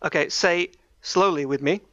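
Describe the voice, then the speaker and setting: Man, fairly high voice, teasing co-host, muffled dry voice-chat sound. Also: pushed and bright, no room sound. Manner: teasing, speaks slowly and carefully when instructing. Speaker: podcast co-host. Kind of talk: casual chat.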